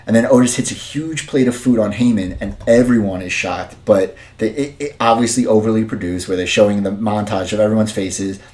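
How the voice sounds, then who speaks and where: A man's voice: lowish voice, fairly quick, few pauses, darkish tone. A man casually recapping and reviewing a show as a podcast host, rambling with many fillers and restarts. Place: dim room at home.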